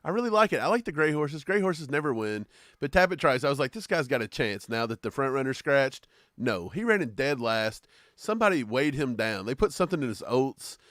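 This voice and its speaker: A man's voice: medium pitch, very animated, brisk, a bit bright, dry recording, studio quality. A man co-hosting a sports podcast, chatting casually and joking in laid-back banter. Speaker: podcast co-host. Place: Kentucky.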